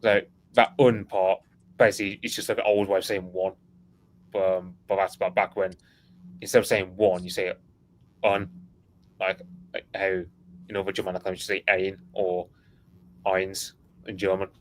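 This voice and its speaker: A man's voice: low voice, flat delivery, fairly quick, a little hiss or hum, rough recording. A man co-hosting a live history stream, rambling casually and leaning on fillers as he explains.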